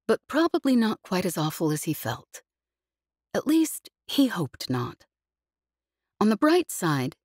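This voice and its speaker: A woman with a husky, low, darkish voice narrates a scripted audiobook. The sound is clean studio audio with no echo.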